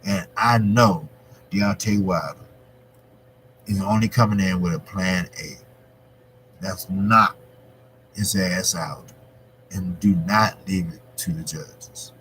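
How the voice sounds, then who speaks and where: A man hosting his own boxing channel, talking through a fight in a rambling, conversational way that grows animated when he argues a point. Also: deep voice, slow pace, long pauses, slight background noise, rough recording. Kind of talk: casual boxing commentary.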